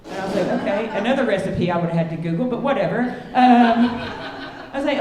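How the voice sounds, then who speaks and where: A woman's voice: a little high, fast, dark tone. A woman in her thirties doing a stand-up comedy set, brash and crude, with self-deprecating punchlines. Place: comedy club stage with live audience. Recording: roomy live club sound.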